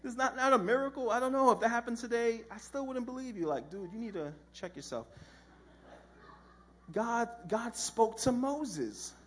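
Lively husky-voiced man preaching casually. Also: extremely high pitch, normal speed. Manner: animated storytelling with slang and acted-out voices. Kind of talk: casual, humorous sermon.

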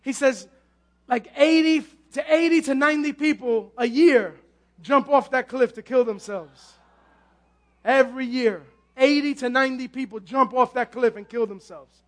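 This pastor, a man with a very high-pitched voice, preaches at a moderate pace and with real fervor, often stumbling, repeating words, and launching into shouts.

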